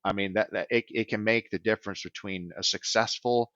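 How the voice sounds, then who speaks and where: A man's voice: fairly low pitch, fairly even intonation, a little fast, fairly bright tone, no room sound, dull audio. A man who works as a business transition advisor, answering podcast interview questions in an earnest way and often checking in with "right?".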